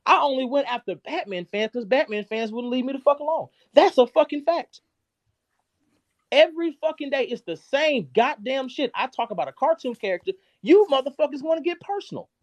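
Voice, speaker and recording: A man hosting a live stream, ranting angrily and cursing constantly, his loudness jumping up and down. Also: very high voice, expressive, fairly quick, no room sound. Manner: heated, profane, cursing constantly; shifts abruptly between loud and quiet. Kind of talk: angry rant on a live stream.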